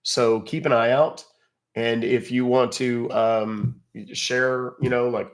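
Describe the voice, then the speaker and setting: A man's voice: medium pitch, steady tone, takes it slowly. A man hosting a casual livestream, rambling conversationally and thanking viewers by name. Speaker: livestream host.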